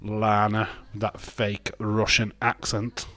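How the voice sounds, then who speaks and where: Slow, low-voiced man streaming. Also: completely flat delivery, pushed and bright. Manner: rambling, joking, reading out chat. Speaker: wrestling watch-along streamer. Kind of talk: casual live-stream commentary.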